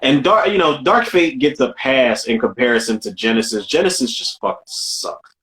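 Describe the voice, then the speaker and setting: A man co-hosting a casual film podcast, talking in an animated, profane way and repeating himself as he riffs. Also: medium pitch, normal speed. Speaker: podcast co-host.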